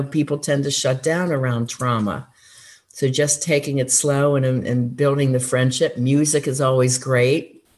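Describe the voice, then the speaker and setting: Earnest encouraging woman counselor. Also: rumbling low. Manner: earnest, encouraging, many fillers. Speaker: former school counselor, guest. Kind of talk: conversational interview answers.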